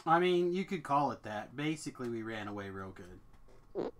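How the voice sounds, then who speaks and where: A man's voice: medium pitch, sing-song, normal speed. A man playing a tabletop game, joking in a dry, sarcastic way. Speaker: player. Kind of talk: casual role-play banter.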